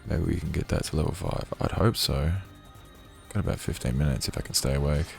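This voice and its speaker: A very deep-voiced male streamer chatting casually over gameplay. His voice is croaky and gravelly, full of jokey asides to viewers. Game music plays clearly behind him. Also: brisk, a little mellow. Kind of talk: casual gameplay livestream commentary.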